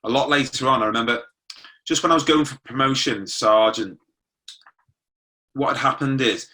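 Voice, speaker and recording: Middle-aged man, ex-police sergeant, storytelling guest; bright, clear tone, mid pitch, chatty with restarts. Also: normal speed. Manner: conversational, with frequent restarts and quoted dialogue. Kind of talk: personal storytelling.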